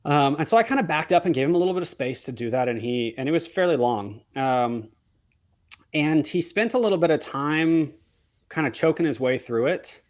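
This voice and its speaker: A man's voice: fairly high pitch, lively intonation, moderate pace. A man, a wedding photographer and podcast guest, telling a story in an earnest way, often restarting and correcting himself and acting out remembered dialogue. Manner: acts out remembered dialogue as he talks.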